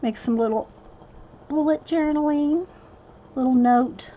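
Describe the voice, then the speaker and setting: A woman's voice: high voice, unhurried, mellow, a little hiss or hum. Lady catching her breath, chatting with her stream from home, muffled lo-fi audio, says y'all a lot. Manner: chatty, addresses viewers by name, drawls "y'all". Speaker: host of a craft live stream. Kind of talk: casual live-stream chat with viewers.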